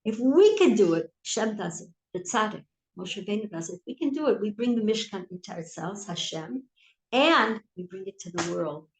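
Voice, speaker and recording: A woman leading an informal Torah class, telling stories and swinging between soft asides and emphatic lines. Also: mid-range voice, expressive, moderate pace. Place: historic synagogue hall. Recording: echoey room.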